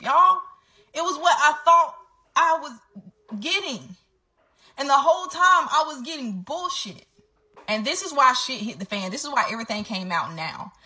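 A woman's voice: fairly high pitch, bright, forceful tone. Candid woman venting to viewers. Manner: candid, talks straight to viewers, swears freely. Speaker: vlogger telling her story. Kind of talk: casual storytime vlog.

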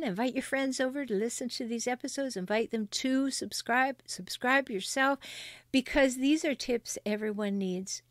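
A woman's voice: fairly high pitch, dry recording. Emphatic woman podcast host, dry sound. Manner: emphatic, direct, repeats key points. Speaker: podcast host and relationship counselor. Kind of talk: solo podcast advice monologue.

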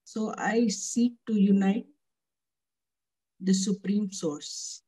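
A woman answers her teacher on a video call. She recites points back slowly and with some hesitation. Her voice is mellow and a little husky. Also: medium pitch, rough recording. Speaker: student.

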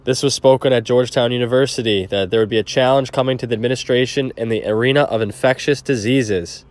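A man's voice: medium pitch, quick pace. A man giving an insistent, preachy monologue to camera. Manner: earnest, insistent.

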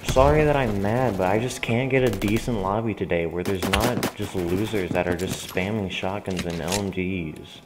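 Brief: low-voiced male gamer narrating his match, annoyed trash talk, swings from mutter to yell, gunfire clearly heard underneath. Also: normal speed, hardly any pauses, background noise. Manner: frustrated, trash-talking, complaining at opponents; swings between muttering and sudden yelling. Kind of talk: live gameplay commentary. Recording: game gunfire clearly behind the voice.

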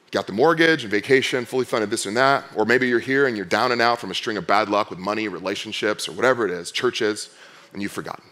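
A man preaching a sermon as pastor. He talks in a conversational way, asks the congregation many direct questions, and swings between loud, fired-up passages and quiet, low ones. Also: fast talker.

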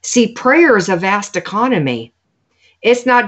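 A woman's voice: medium pitch, huge pitch swings, a little slow, fairly bright tone. A woman giving an earnest, preaching testimony, quoting scripture along the way. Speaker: guest. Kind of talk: sermon-like testimony. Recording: dull lo-fi sound.

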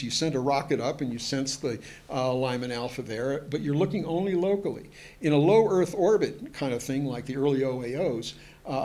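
A museum historian lectures to an audience in a voice on the high side with a darkish tone. He's hesitant, full of fillers and restarts, yet chatty, dropping joking asides.

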